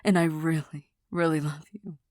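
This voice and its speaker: A woman in a soft, halting, apologetic whispered role-play as a girlfriend, recorded on a close mic. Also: deep voice, steady tone, no room sound.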